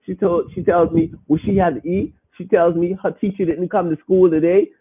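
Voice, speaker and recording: A man's voice: high voice, fairly even intonation, normal speed, breathy edge. A man hosting a podcast in casual talk to his listeners, speaking emphatically and repeating phrases as he makes his point. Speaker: podcast host. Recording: tinny phone-line sound.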